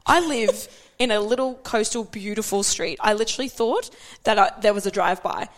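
A woman's voice: medium pitch, a little fast. A young Australian woman co-hosting a podcast, telling stories with dry jokes and casual swearing. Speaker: podcast co-host. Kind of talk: casual chat.

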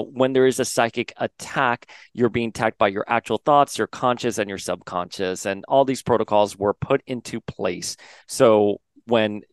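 A man's voice: mid-range voice, no room sound. A man hosting a podcast, casually recapping a comic story and paraphrasing the characters' lines in a chatty way. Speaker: podcast host.

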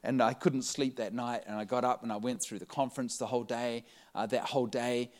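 A man delivering a sermon with lively storytelling. His voice sits in an ordinary middle pitch, and he laughs often and lifts his voice as the excitement builds. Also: a little fast. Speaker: preacher. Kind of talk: sermon storytelling to a live audience.

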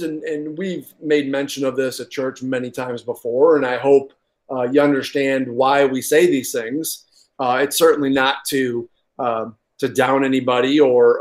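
A man preaching a sermon, reading from a workbook and stressing his points with repeated words and restarts. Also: medium pitch. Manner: reads aloud from a workbook. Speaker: pastor.

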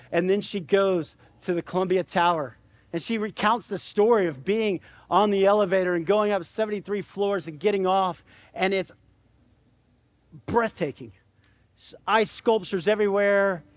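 A man's voice: sits high, no room sound. A man preaching a sermon, telling a story with rising intensity and leading the listeners in prayer. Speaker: pastor. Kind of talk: sermon with storytelling and altar call.

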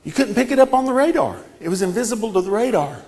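Male preacher, high voice, fervent sermon, rising to shouts, repetitive cadence. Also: lively intonation, quick pace. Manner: impassioned, building to shouted repetitions.

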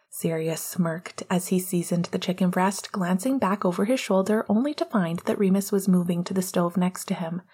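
A woman narrating a romantic story in a soft, hushed, gentle reading. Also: fairly low pitch, normal speed, hardly any pauses, breathy edge. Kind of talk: audiobook reading of fan fiction.

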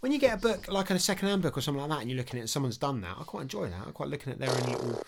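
Man podcast co-host, enthusiastic and lively, lots of laughs. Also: mid-range voice, racing, creaky, very noisy. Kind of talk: casual chat.

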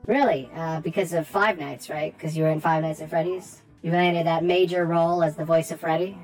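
A woman's voice: low voice, steady tone, brisk, darkish tone, soft background music, lightly acted, poor audio. A woman voicing a crude, smug female goblin wizard who swears freely and brags about being the best wizard. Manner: crude, brash, dismissive.

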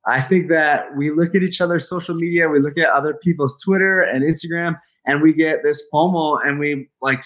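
A man's voice: fairly high pitch, a bit bright. A man co-hosting a casual podcast chat in an upbeat, enthusiastic way. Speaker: co-host.

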